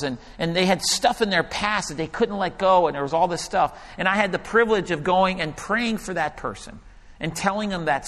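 A male pastor preaching a sermon and telling a story, animated at times and hushed when he quotes a prayer. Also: high-pitched. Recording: hall reverb.

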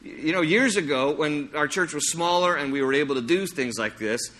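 A middle-aged man preaching a sermon in a church, lively and storytelling, acting out little scenes as he goes. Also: fairly high pitch, moderate pace. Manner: animated, acts out anecdotes with playful sung impressions. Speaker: pastor. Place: church sanctuary.

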